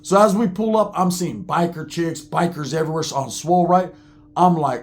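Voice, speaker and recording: A man's voice: fairly high pitch, normal speed. A man telling a wild personal story in casual, profane, slang-filled talk, acting out the people he quotes.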